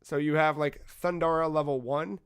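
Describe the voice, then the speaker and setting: Man, higher voice, podcast co-host, casual gaming chat, animated storytelling, swears. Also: moderate pace, smooth.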